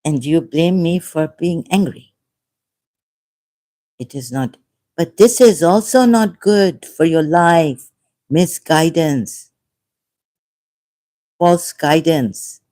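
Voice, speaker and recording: A woman's voice: deep voice, animated, slow pace, long pauses, dark tone. A woman talking in an unscripted monologue as an online commentator, impassioned and rambling, often repeating herself.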